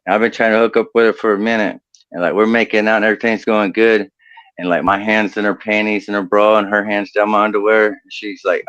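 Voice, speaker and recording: Low-voiced man telling crude stand-up jokes. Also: flat delivery, brisk, a bit bright, no echo, dull audio. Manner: crude, laughs at his own jokes. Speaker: stand-up comedian contestant. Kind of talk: stand-up comedy set.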